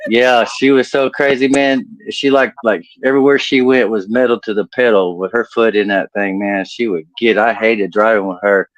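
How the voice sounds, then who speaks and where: A man with a drawl spins loose, rambling stand-up stories and chuckles at his own jokes. His voice sits a bit low. The sound is muffled and dry, like a home video call mic. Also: steady tone, moderate pace, hardly any pauses, no room sound. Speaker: stand-up comedian. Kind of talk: storytelling stand-up set. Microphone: home computer mic on video call.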